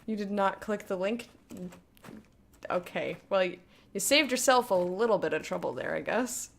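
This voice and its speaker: A young woman streaming a game and chatting casually with her viewers, blunt and quick to swear, laughing often and reading their messages aloud. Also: mid-range voice, creaky. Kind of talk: casual live-stream chat while gaming.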